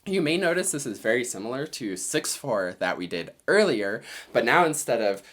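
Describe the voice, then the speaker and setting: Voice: mid-range voice, very animated, moderate pace, fairly bright tone, slight background noise. A music teacher giving a children's lesson, counting beats aloud and cheering the listener on.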